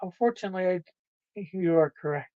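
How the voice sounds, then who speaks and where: A woman's voice: on the low side, a little slow, dry recording, narrow, tinny audio. A woman hosting a livestream, chatting casually with viewers, rambling and laughing often. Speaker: livestream host.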